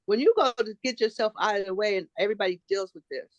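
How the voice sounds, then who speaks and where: A woman's voice: medium pitch, fast talker, no room sound, dull audio. A woman hosting a group video call, coaching the others and animatedly acting out the voice of resistance.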